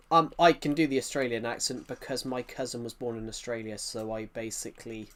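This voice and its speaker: A man with a thick regional accent, chatting on a live game stream in a rambling, halting way with many restarts. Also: medium pitch, flat delivery, a bit bright. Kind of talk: live-stream chat while gaming.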